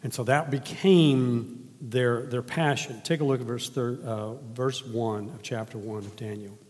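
A man's voice: medium pitch, steady tone, measured pace, darkish tone, big-room sound. A man preaching a sermon in a conversational way, asking the congregation questions and then reading from scripture. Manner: conversational, asks the audience questions.

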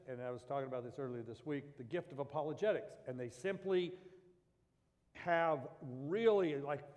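A man's voice: on the high side, darkish tone. A man preaching as pastor, talking in a loose, conversational way with restarts and asides. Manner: conversational, rambling storytelling with restarts. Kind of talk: sermon. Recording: long hall reverb.

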